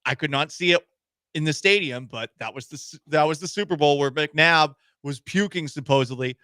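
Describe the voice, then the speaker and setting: A man's voice: on the high side, moderate pace, bright, forceful tone, no room sound, clean studio sound. A man hosting a sports radio show, chatting casually, often laughing and letting his voice drop to a mumble. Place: radio studio. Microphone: studio mic.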